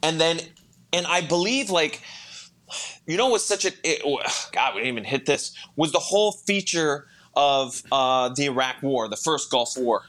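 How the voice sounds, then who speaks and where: A man co-hosting a podcast, chatting casually and enthusiastically, talking in quick bursts and laughing easily. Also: fairly high pitch, lively intonation, a bit bright. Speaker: podcast co-host. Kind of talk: casual chat.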